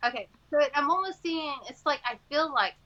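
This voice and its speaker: A woman's voice: sits high, animated, a little fast, sharp tone, lo-fi sound. A woman from Texas with a Texan accent, hosting a casual chat, rambling and laughing often. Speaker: host.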